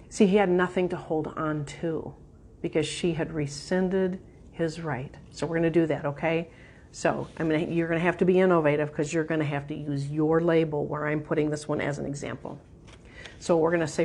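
Emphatic woman preaching, lowish voice. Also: fairly even intonation, darkish tone. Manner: emphatic, leads listeners in prayer; uneven pace, quick bursts and slow stresses. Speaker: minister. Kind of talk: sermon teaching.

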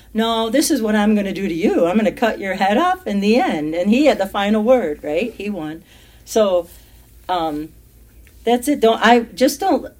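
A woman's voice: medium pitch, darkish tone. A woman leading a casual Bible study, reading verses aloud with emphasis and explaining them in everyday speech.

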